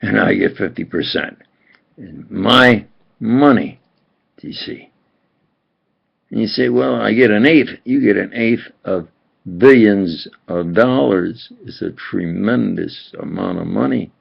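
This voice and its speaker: A man delivering a rambling, repetitive and agitated monologue with a gravelly voice, on a dull lo-fi home video recording. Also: on the low side, takes it slowly.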